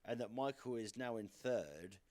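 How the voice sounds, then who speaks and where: A young man presenting a darts podcast, chatting casually and quickly going over results and upcoming fixtures. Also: mid-range voice, expressive, darkish tone. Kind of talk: casual sports podcast chat.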